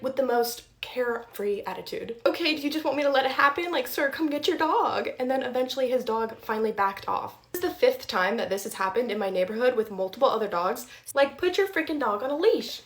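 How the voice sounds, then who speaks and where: Chatty young woman in an echoey room. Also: on the high side. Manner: chatty, exasperated, lots of "like". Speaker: dog owner vlogger. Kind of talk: casual storytelling vlog.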